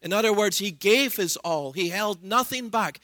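A man preaching a sermon with a bright, forceful voice pitched a little high. He talks in an earnest way, retelling scripture scenes and acting out the people in them. The sound is dry and close. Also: expressive, moderate pace, no room sound.

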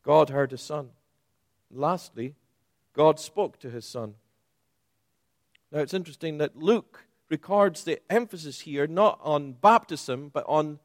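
A man preaches slowly and deliberately, his voice a little higher than most men's. He leans into key words, then falls quiet and low. The sound is dry and close. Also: no room sound. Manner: emphatic, rising for stress and dropping low and soft. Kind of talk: sermon.

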